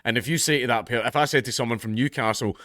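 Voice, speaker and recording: A man's voice: mid-range voice, quick pace, pushed and bright, no echo, clean studio sound. A man in his thirties with a Scottish accent, ranting sardonically through casual commentary and swearing freely.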